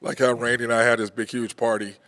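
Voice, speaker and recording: A man's voice: medium pitch, little pitch movement, quick pace, a bit bright. A man hosting a casual talk show, telling stories and laughing often. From Oklahoma. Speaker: host. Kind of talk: casual chat.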